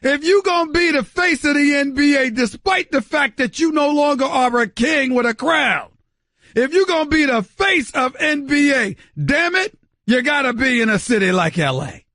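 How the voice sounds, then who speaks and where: A man's voice: extremely high pitch, lively intonation, normal speed, dry recording, studio quality. A middle-aged man from New York hosting a sports radio show, giving an emphatic monologue that repeats phrases and addresses the listeners directly. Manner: loud, shouting, emphatic and theatrical.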